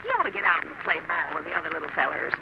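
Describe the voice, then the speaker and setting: A woman's voice: low voice, very fast, vocal fry, highs cut off. An actress playing a brash, bossy country woman who teases in a drawling rural dialect, in 1940s radio acting. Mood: teasing. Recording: hissy old radio broadcast.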